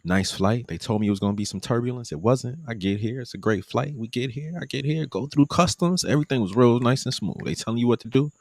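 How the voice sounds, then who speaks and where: A man casually recounting his trip during a live stream, animated, acting out the people he met. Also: quick pace, hardly any pauses, dry recording. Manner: animated, acts out quoted people in a higher voice. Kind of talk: casual storytelling.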